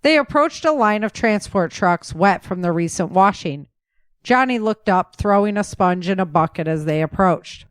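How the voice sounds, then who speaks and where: A woman narrating a novel in a steady, even storytelling manner. Her voice sits in a middle pitch, recorded dry and close. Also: normal speed, smooth, dry recording. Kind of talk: audiobook narration.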